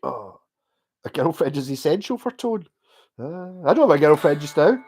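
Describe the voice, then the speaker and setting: A man from Scotland with a softened Glaswegian accent, chatting casually on a livestream and answering viewer comments. He rambles, restarts his sentences, swears freely and laughs between thoughts. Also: fairly high pitch, sing-song, moderate pace, husky, faint music behind. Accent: Glaswegian Scottish, softened.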